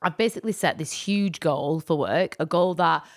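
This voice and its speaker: A woman co-hosting a podcast, telling a personal story in an animated, rambling way with lots of fillers. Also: sits low, normal speed. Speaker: podcast co-host. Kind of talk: casual storytelling chat.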